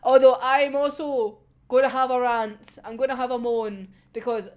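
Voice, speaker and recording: A woman with a Scottish accent casually talking through an anime episode, animated and laughing often, with plenty of swearing. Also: fairly high pitch, moderate pace. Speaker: anime reviewer.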